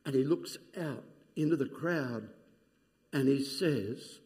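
A man preaching a sermon, retelling scenes dramatically and dropping to hushed, near-whispered quotes. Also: medium pitch, slow. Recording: long hall reverb.

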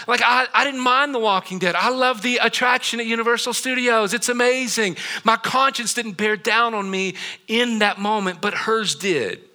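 A middle-aged male pastor preaching in a church auditorium, telling a story with lively asides to the congregation. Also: high voice. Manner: animated storytelling with asides to the audience. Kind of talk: sermon.

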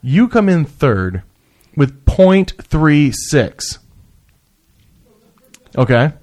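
A man's voice: fairly high pitch, sing-song, very slow, a little mellow. Profane, teasing podcast host man. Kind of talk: casual comedic podcast chat.

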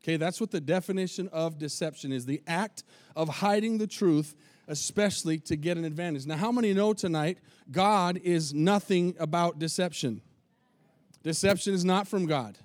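A man's voice: sits high, normal speed, no echo. A man, a lead pastor, preaching a folksy sermon and calling for responses from his congregation in a tin-roofed church.

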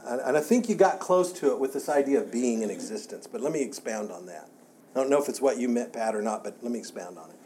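A man's voice: mid-range voice, warm tone, a little hiss or hum. A man teaching a church Bible class in a conversational way, often repeating words and restarting his sentences.

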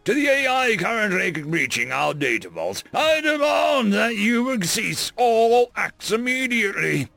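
A man doing a stern starship captain who barks his orders. The voice rides high and lively, with a gravelly grain, and often rises to a shout. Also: normal speed, hardly any pauses, dry recording, faint music behind, heavily acted. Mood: commanding.

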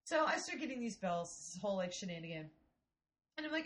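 A woman in her forties from Ohio, telling a story in casual, profane, animated chat. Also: medium pitch, fast. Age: 40s.

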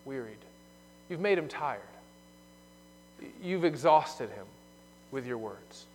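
A man preaching a sermon, explaining a scripture passage and moving between emphatic loud points and quiet asides. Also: mid-range voice, expressive, slow, slightly rough. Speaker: pastor. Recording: long hall reverb.

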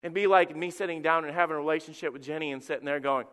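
Middle-aged male pastor, high voice, chatty animated sermon delivery, church reverb. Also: racing, smooth. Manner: conversational, animated storytelling with acted quotes. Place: church sanctuary. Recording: long reverb of a church hall.

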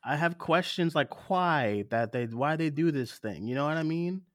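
A man co-hosting a podcast, ranting in rapid bursts with emphatic swearing. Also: a little high, expressive, no room sound. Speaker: co-host. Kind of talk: heated casual podcast chat. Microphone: studio mic, remote co-host.

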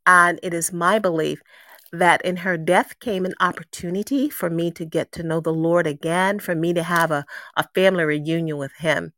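Low-voiced woman giving an earnest testimony. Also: steady tone, moderate pace, a bit bright. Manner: earnest, emotional storytelling with emphatic repetition. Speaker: guest sharing a faith testimony. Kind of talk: personal testimony.

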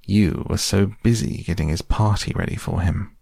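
A man narrates a storybook in a slow, measured way. His very deep voice has a gravelly, husky edge, recorded close and dry. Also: warm tone, no echo. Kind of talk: storybook reading aloud.

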